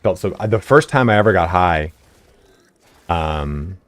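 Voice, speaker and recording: A man's voice: low voice, expressive, unhurried, dry recording. A man streaming a game live, telling a rambling story full of fillers, swearing and laughs. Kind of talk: casual storytelling while gaming live.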